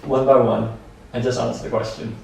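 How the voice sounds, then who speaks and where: A man's voice: mid-range voice, level tone, fairly quick, vocal fry, warm tone, slight background noise. A man training nursery staff, explaining things simply and repeating points with everyday examples. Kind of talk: training lecture. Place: training room. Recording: echoey room from far off.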